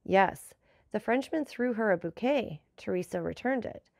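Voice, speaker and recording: A woman's voice: mid-range voice, animated, measured pace, gravelly, a little mellow, no room sound, studio quality. A woman reading a deferential bandit messenger. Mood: deferential, telling. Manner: deferential, explaining.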